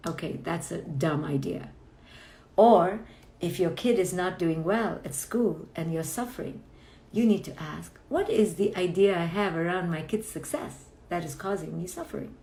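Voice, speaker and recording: A woman's voice: lowish voice, moderate pace, mellow. Emphatic woman in an echoey room. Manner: playful, emphatic, mock inner dialogue. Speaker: clinical psychologist hosting a book club livestream. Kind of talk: casual motivational livestream talk.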